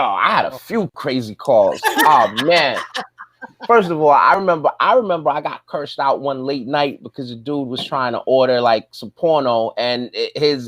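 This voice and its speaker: A man's voice: a little high, a bit bright, dry recording. Laid-back male guest, rambling casual chat, dry close recording. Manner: laid-back, rambling, lots of "man" and "you know".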